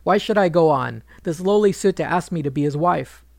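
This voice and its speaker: A man voicing a proud queen who is furious and grieving, speaking bitterly in his gravelly storytelling voice. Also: fairly high pitch, brisk, dry recording, studio quality. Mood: bitter, pleading. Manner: bitter, accusing speech.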